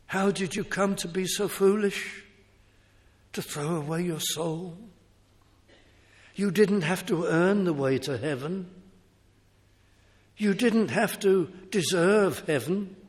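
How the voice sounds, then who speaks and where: A man's voice: sits high, slow, long pauses, pitched above the performer's own voice. A man voicing God pleading with a foolish man out of pity and sadness, in an echoing hall. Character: sorrowful, pitying God pleading with a fool. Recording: echoey hall reverb.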